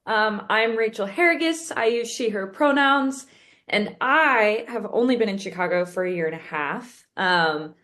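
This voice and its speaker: A woman's voice: mid-range voice, measured pace, a bit bright. Chatty young woman from Oregon. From Salem, Oregon, USA. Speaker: playwright and actor. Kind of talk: casual roundtable introduction.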